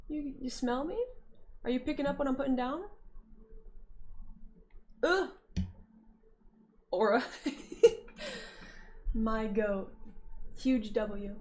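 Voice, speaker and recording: Playful young woman chatting on stream. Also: a little high. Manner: playful, teasing, laughs often and hums or sings in snatches; reads chat messages aloud and answers them. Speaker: streamer reading chat. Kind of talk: casual livestream chat.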